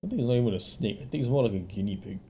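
A man's voice: fairly low pitch, lively intonation, rapid-fire, mellow, a little hiss or hum. A young man, co-hosting a casual podcast chat with dry, teasing replies. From Singapore. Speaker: podcast co-host.

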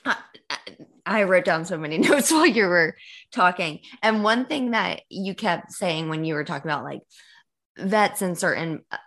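A woman's voice: on the low side, animated, moderate pace, fairly bright tone. A woman hosting a podcast, asking her guest questions in a casual, engaged way with frequent fillers. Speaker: podcast host. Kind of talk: casual interview chat.

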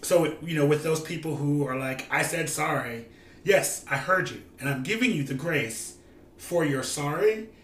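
A man's voice: on the high side, lively intonation, moderate pace, distant mic, a little hiss or hum. Earnest man in an echoey room, off-mic. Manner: earnest, reflective explainer who thinks aloud. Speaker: podcast co-host. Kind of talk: casual chat.

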